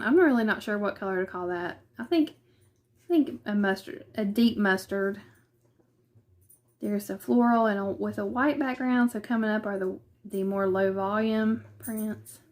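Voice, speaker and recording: A woman's voice: medium pitch, fairly even intonation, unhurried. A woman with a Southern US accent chatting casually through a quilting unboxing in her living room, hesitant and thinking aloud as she goes. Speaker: vlogger.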